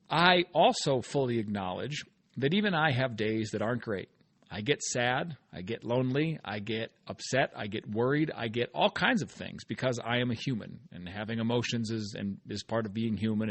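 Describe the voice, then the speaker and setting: A man's voice: medium pitch, animated, moderate pace, fairly bright tone, no echo. Earnest middle-aged man hosting a podcast. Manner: earnest, encouraging, repeats phrases for emphasis. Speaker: podcast host. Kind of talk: solo motivational podcast talk.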